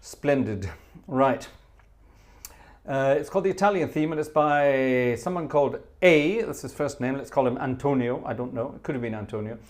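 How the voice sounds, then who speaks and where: A man's voice: medium pitch, moderate pace. A man hosting a live organ music stream, chatting playfully, thanking viewers and humming tunes between pieces. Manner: playful, teasing, hums tunes and reads out viewer names. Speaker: livestream host playing organ.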